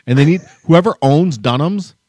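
A man's voice: on the high side, lively intonation, moderate pace, a little mellow, no room sound. A man co-hosting a podcast, telling a long story as a heated, profane rant. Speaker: podcast co-host. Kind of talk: casual chat, storytelling rant.

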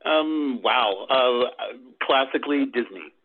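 A man's voice: mid-range voice, expressive, takes it slowly. A man who works in animation, answering interview questions with hesitant ums and easy chuckles. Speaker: animation director, guest. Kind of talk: casual interview. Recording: tinny phone-line sound.

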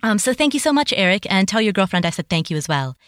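A woman's voice: medium pitch, very animated, fast talker, dry recording, studio quality. A woman hosting a solo podcast from a home closet, chatty and enthusiastic, with carefully articulated speech. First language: Nepali. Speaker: podcast host. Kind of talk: solo podcast outro, reading listener reviews. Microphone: home studio mic in a closet.

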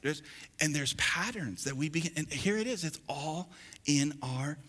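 A bright-voiced man preaching in a church with long, rolling reverb. His voice sits a little high, and he drives the congregation to repeat his words back. He swings from quiet asides to loud exhortation. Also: animated, normal speed. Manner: preaching with call-and-response, building to loud exhortation. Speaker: pastor. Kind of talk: sermon.

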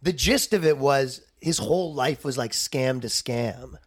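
A man's voice: mid-range voice, unhurried, slightly rough. A man hosting a podcast, prodding his guest with questions and laughing easily. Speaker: podcast host. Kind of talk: casual podcast chat.

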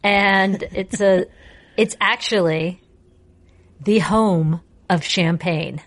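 A woman's voice: medium pitch, extremely slow. A woman co-hosting a podcast, chatting casually and telling stories with lots of laughter. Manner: playful, laughing, animated storytelling. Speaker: podcast co-host. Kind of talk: casual chat.

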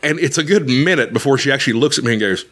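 Animated, swearing male storyteller. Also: mid-range voice, very fast. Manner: profane, animated, acts out characters. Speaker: podcast co-host and storyteller. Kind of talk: casual comedic storytelling.

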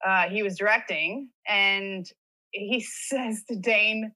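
A woman's voice: mid-range voice, slow, bright, forceful tone, rough recording. A woman guest in a casual chat, telling stories and acting out what others said. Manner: chatty storyteller, acting out others' words.

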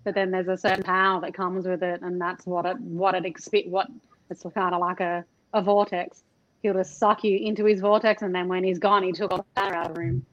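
A woman guest on a video call, talking reflectively in halting, restarting sentences. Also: fairly low pitch, level tone, dry recording, lo-fi sound. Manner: halting, restarts often, laughs easily. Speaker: podcast guest.

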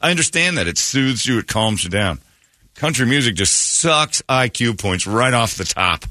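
A man's voice: mid-range voice, animated, normal speed, sharp tone, slight background noise. A man hosting morning radio in a studio, ranting in a sarcastic, mocking way. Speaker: radio host.

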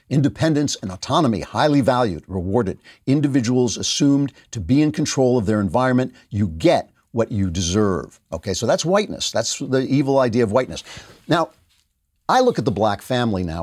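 A man's voice: mid-range voice, a little mellow. A middle-aged man hosting a political commentary show, giving an indignant, sarcastic opinion monologue. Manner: sarcastic, indignant, mocking voices of opponents.

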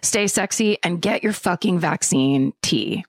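A woman's voice: fairly low pitch, a little slow, breathy edge, dry recording. A woman co-hosting a podcast, reading listener stories aloud with lots of laughter and dry asides. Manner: laughs often, reads with deadpan asides. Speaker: podcast co-host.

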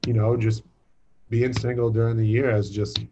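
A young man from Boston talks easily as a podcast guest and tells funny stories about his life. His voice sits at an ordinary middle pitch. The recording is dull and lo-fi, with a faint hiss behind it. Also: level tone, moderate pace. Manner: joking, storytelling. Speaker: guest, basketball player. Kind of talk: casual podcast chat. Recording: dull lo-fi sound with faint noise.

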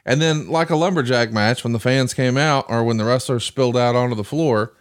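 A man's voice: mid-range voice, brisk. Guy cohosting a podcast, wry rambling stories, regular mid voice. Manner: long wry storytelling asides. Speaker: podcast co-host. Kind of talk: casual chat.

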